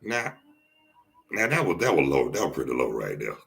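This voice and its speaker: A man with a deep voice and a Southern US accent, hosting a casual podcast chat and telling jokey stories, often restarting his phrases. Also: very animated, moderate pace, gravelly, fairly bright tone, faint music behind. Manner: joking storyteller, repeats and restarts phrases. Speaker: podcast host.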